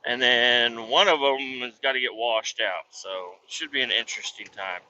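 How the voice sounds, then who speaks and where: A man in his thirties casually telling stories about his kids and his work, animated and swearing freely. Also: mid-range voice, moderate pace. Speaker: vlogger, truck driver. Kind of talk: casual storytelling vlog. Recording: dull lo-fi sound.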